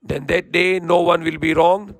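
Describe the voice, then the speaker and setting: An Islamic preacher gives verse-by-verse Quran commentary, reciting rapidly and fluently, then translating and explaining each verse earnestly. His voice is fairly high-pitched with fairly even intonation, and there's no room sound.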